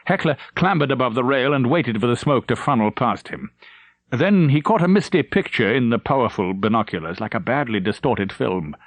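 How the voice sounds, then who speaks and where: A male narrator reading a war novel aloud in a measured, dramatic manner. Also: mid-range voice, lively intonation, no room sound. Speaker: audiobook narrator. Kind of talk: scripted narration.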